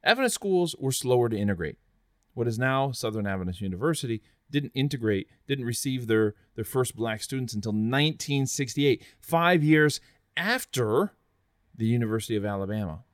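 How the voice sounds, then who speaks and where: A man's voice: medium pitch, expressive, moderate pace, no echo, studio quality. A man hosting a history podcast, narrating in an earnest, conversational way with chatty asides. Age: adult, after college. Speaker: podcast host.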